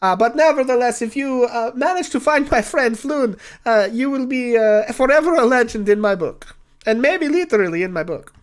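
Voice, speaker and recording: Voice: mid-range voice, lively intonation, normal speed, voice pushed up, close to an everyday voice. GM as a timid male writer, hesitant and wordy. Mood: flustered. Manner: hesitant, flustered, full of fillers.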